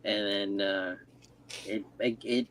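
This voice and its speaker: Man, podcast co-host, low voice, hesitant, casual chat. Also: steady tone, takes it slowly, fairly bright tone, slight background noise. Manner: hesitant, with ums.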